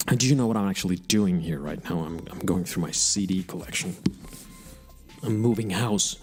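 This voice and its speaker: A man's voice: deep voice, normal speed, darkish tone, faint music behind. A man hosting an online radio show, chatting casually and rambling between songs, frank and self-mocking and often restarting his sentences.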